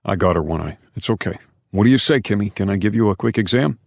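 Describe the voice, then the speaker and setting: A man voicing a calm biker-club medic who gently coaxes a hurt child, in a gravelly voice. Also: lowish voice, fast talker, no room sound, clean studio sound, pitched above the performer's own voice. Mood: gentle. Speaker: character in audiobook. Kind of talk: audiobook character reading.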